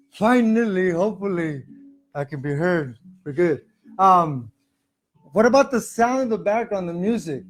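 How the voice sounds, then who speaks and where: Chatty male streamer, slightly high voice, faint background music. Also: lively intonation, a little slow. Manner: loose, rambling, chatty with viewers. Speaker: spiritual livestream host. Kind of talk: casual spiritual livestream talk. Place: home, music playing softly behind.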